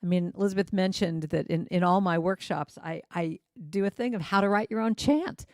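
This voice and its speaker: A woman's voice: lowish voice, a little fast, dry recording, clean studio sound. A middle-aged woman, a guest musician, giving a casual spiritual talk and breaking into sung lines and acted quotes.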